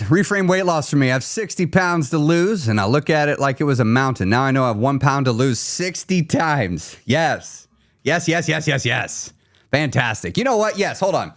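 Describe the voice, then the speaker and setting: A weight loss coach with a mid-range voice and a fairly bright tone hosts a casual live stream. He speaks right to his viewers in a teasing, pushy manner, laughing often along the way.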